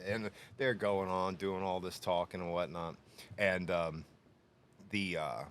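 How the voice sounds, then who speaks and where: Animated storytelling man, low voice. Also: slow pace, slight background noise. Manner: animated storyteller, laughs often, acts out quotes. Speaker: podcast co-host. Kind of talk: casual storytelling. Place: workshop podcast room.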